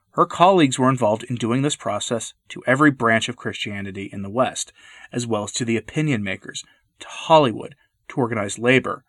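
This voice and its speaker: A man giving earnest, measured scripted commentary, stressing key words as he reads. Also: mid-range voice, fairly bright tone, no room sound.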